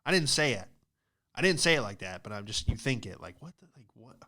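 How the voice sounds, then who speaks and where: A man's voice: mid-range voice, big pitch swings, a little fast, bright, forceful tone. A man, a stand-up comedian hosting a podcast, ranting casually with a lot of swearing and "dude" and "like".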